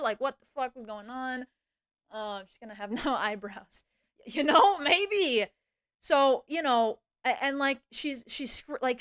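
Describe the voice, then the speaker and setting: A young woman with a fairly high voice vents to her stream chat about a fight at work. She talks casually, swears a lot, and fills her speech with "like" and "you know". She speeds up in quick bursts when she quotes what she said. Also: no room sound, studio quality. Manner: swears freely, many fillers like "like" and "you know"; animated, quick bursts when quoting herself. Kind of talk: casual storytelling rant to chat.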